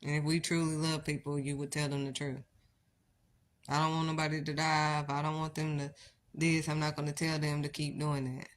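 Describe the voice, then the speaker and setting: Woman preacher, middle-aged, deep voice, blunt live-stream sermon style. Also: level tone, fairly quick. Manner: blunt, exhortative, rhetorical questions.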